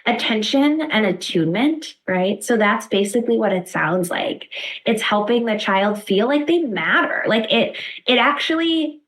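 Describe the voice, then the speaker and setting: A woman with a fairly high voice gives an instructional lecture to professionals. She explains each idea step by step and keeps checking in with a quick "right?". Now and then she acts out a short phrase a parent might say. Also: expressive, rough recording. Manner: explains warmly with frequent "right?" check-ins. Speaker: therapist lecturer.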